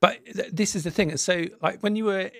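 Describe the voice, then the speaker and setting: A man's voice: high voice, fairly quick, no echo. A man co-hosting a casual podcast, musing in a playful way. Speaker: podcast co-host.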